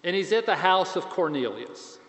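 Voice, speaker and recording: A man priest giving a conversational, self-deprecating sermon with animated swings in pitch and volume. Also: normal speed, in a large hall.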